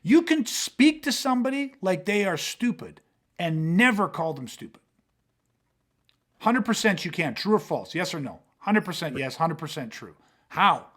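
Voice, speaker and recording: Male podcast host with a high-pitched voice, emphatic and profane, acts out dialogue. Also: a bit bright. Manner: emphatic, swearing, acts out quoted exchanges. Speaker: self-defense podcast host. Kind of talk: casual podcast talk. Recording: podcast mic.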